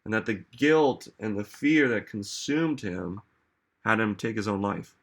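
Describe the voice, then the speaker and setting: An unhurried, animated man with a low-leaning, somewhat bright voice gives an audience an informal motivational talk as a self-help speaker. He's conversational, often saying "like" and "right?", and poses questions to emphasize what he means.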